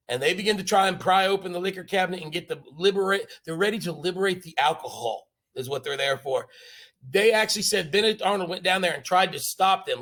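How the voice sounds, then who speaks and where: Man, history teacher, high voice, lively joking storyteller. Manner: animated, jokey, makes sound effects. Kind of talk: classroom lecture storytelling.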